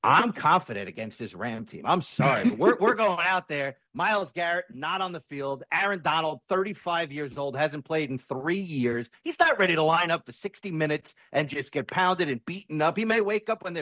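A man talking sports in an excited, rapid way, often repeating words as he goes. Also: fairly high pitch, dry recording. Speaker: sports podcast guest.

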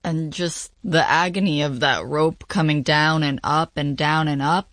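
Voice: medium pitch, fairly even intonation, a little slow, fairly bright tone. An interviewer who asks brief prompting questions and adds short acknowledgments.

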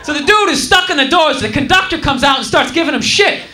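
High-voiced comedian in an echoey club. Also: male voice, quick pace. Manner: rambling, excitable, often shouts punchlines. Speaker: stand-up comedian. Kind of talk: stand-up comedy set. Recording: echoey live club recording with crowd noise. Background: audience laughter.

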